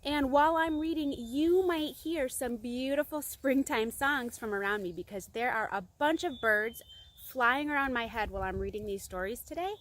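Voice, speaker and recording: Expressive woman reading to children. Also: high-pitched, moderate pace, slight background noise. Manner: bright, expressive storyteller talking to kids. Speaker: children's storytime reader. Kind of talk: reading a picture book aloud to children. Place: outdoors among singing birds.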